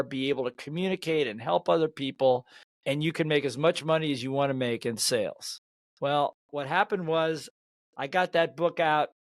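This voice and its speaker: An older man, a sales trainer and author, tells lively anecdotes in an interview and laughs at his own stories. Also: a little high, no room sound. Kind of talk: storytelling in an interview.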